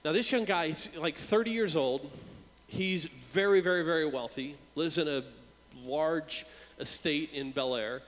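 A male preacher telling a personal story in a casual, chatty sermon, his voice sitting a bit higher than most men's. He often stumbles over a repeated word before a phrase comes out. His voice rings out with a long reverb, as in a big hall. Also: a little slow. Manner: conversational, repeats words when starting a phrase. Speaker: youth worker and preacher.

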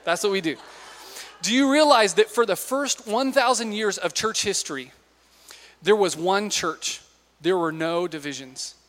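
A man's voice: high-pitched, unhurried, fairly bright tone. A man preaching a sermon in a conversational, storytelling way, putting questions to the audience. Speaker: pastor. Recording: long hall reverb.

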